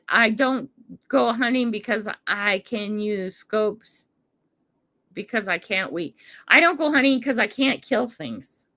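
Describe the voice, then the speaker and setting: A woman's voice: medium pitch, sharp tone. An older American woman hosting a livestream, chatting casually with viewers and laughing often. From United States. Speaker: livestream host reading chat. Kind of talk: casual chat.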